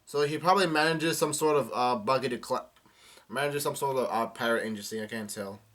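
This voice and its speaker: Young man reading manga aloud, halting. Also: medium pitch, fairly bright tone. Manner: casual, halting, reads dialogue aloud with many restarts and fillers. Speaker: manga reaction vlogger. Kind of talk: live chapter reading and reaction.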